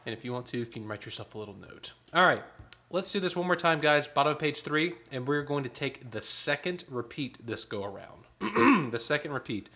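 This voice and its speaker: A man's voice: mid-range voice, sing-song, a little fast, creaky, pushed and bright. A man leading an online choir rehearsal, explaining the tenor parts and counting off rhythms, with a piano nearby. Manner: instructive, counts and sings parts aloud. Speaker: choir director.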